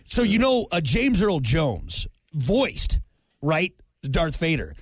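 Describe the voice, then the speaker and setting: A man's voice: fairly high pitch, sing-song, slow pace, slightly rough, no room sound. A man co-hosting a morning radio show, goofing off and telling stories in casual banter. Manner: goofy, silly voices and bits. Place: radio studio.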